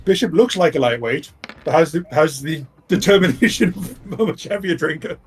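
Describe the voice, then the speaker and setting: A man's voice: on the high side, lively intonation, normal speed, a little hiss or hum. A man playing a tabletop role-playing game, describing his character in a chatty way with laughing asides. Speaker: player. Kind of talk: casual tabletop role-play.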